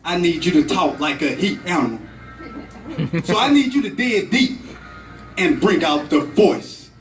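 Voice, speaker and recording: A man's voice: sits high, animated, a little slow, soft background music. A man voicing a bossy female news reporter who talks in a pushy, commanding way. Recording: echoey room, from far off.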